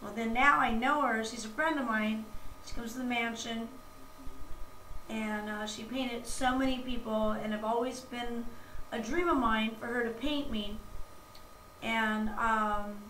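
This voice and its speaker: A woman's voice: fairly high pitch, fairly even intonation, unhurried, sharp tone, far from the mic. A woman vlogging at home, telling a rambling, gushing anecdote full of fillers and restarts. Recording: roomy, off-mic, faint background noise.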